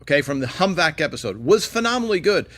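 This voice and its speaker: A man's voice: on the high side, very animated, fast, fairly bright tone, no room sound. A man hosting a casual livestream, rambling and chatty as he answers viewer questions with many fillers and asides. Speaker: livestream host.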